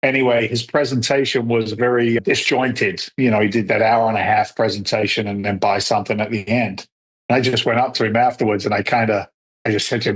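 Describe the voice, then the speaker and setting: A middle-aged man telling stories as a podcast guest, acting out the dialogue lively as he talks. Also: mid-range voice, brisk, husky. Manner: animated storyteller who acts out quoted dialogue. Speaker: podcast guest, real estate investor. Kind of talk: storytelling interview answers.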